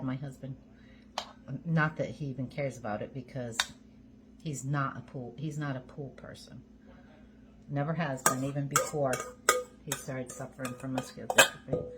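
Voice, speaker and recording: A woman from Georgia with a low voice chats with her viewers as if they were old friends. She is cooking at home in her kitchen, and her talk is folksy and rambling. A faint background noise sits under her voice. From Georgia, USA. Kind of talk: casual chatty cooking video.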